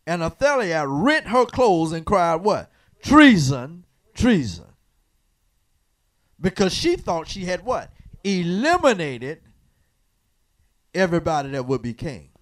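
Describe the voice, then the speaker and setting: A man preaches in a sanctuary, teaching from the Bible call-and-response style. His voice sits high and swings widely in pitch. He teases the congregation and keeps prompting them to answer. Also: very animated, measured pace. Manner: asks the congregation to fill in words, teasing and preacherly. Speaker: pastor. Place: church sanctuary.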